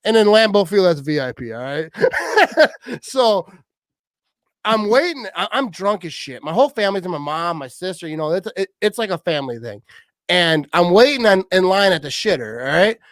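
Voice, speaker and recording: A man tells rambling, crude stories on a podcast, laughing as he goes. His voice sits high and swings widely in pitch. The sound is dry and close. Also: very animated, normal speed, fairly bright tone, no room sound. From Wisconsin. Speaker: podcast host. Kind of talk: casual chat.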